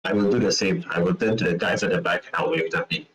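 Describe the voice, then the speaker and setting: Deep-voiced male player, deliberate delivery, faint hiss. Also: steady tone, fairly bright tone, rough recording. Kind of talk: tabletop role-play.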